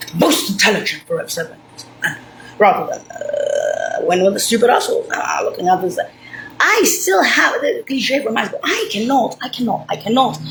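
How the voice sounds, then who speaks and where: Woman, mid-pitched, ranting and cursing in a disjointed stream; roomy echo on the voice. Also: a bit bright, slight background noise. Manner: ranting, swearing, rambling. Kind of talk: angry profane monologue. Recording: roomy echo, faint ambience.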